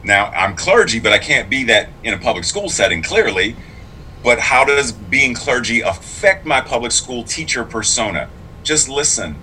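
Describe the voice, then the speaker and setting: A man's voice: mid-range voice, big pitch swings, moderate pace, sharp tone, a little hiss or hum, low-quality recording. A man who is both clergy and a public school teacher, speaking in a casual interview in an earnest, reflective and emphatic way.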